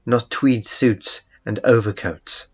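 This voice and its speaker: Male narrator doing a blunt practical woman, low and unhurried. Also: slightly rough, lo-fi sound. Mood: matter-of-fact. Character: practical outdoorsy woman investigator.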